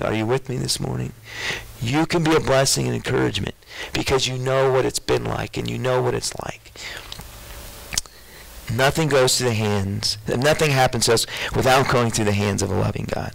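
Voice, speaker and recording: A man's voice: medium pitch, vocal fry, fairly bright tone, low-quality recording. A man preaching a sermon as a pastor, calling out questions to his congregation. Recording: radio broadcast of a church sermon.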